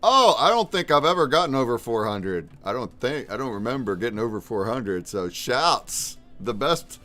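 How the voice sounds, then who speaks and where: A livestream host chats casually, hyped up and calling out viewers in the chat by name. His voice is medium in pitch and a bit bright.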